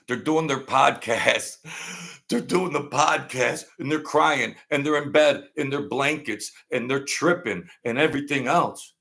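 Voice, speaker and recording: A man ranting on his own channel in a combative, sarcastic tone, hammering points by saying them twice. His mid-range voice has a gravelly, fry-laden grain. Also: mid-range voice, pushed and bright. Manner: combative and sarcastic, repeats lines for emphasis. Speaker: political commentary channel host. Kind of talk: ranting political commentary.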